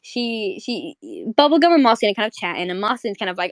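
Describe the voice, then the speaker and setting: A fast-talking young woman with a mid-range voice hosts a live audio chat, eagerly walking through a cartoon episode she loves. She rambles and restarts constantly, peppering her speech with fillers, heard through a streaming audio mic without echo.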